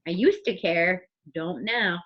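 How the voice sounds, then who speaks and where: A woman's voice: fairly low pitch, slow, a bit bright. A woman teacher co-hosting a casual literature podcast, thinking aloud and reading passages from the book. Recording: muffled recording.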